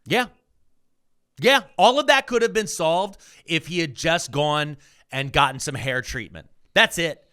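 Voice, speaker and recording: A man co-hosting a podcast, ranting angrily and swearing a lot as he swings between loud outbursts and low mutters. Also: expressive, measured pace, smooth. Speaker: podcast co-host. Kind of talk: heated political rant.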